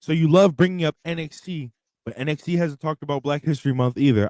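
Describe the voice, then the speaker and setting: A young man co-hosting a wrestling podcast, ranting in an animated, profane way. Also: a little high, quick pace, no echo. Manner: animated, profane, reads out superchats. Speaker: podcast co-host. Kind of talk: casual wrestling podcast rant.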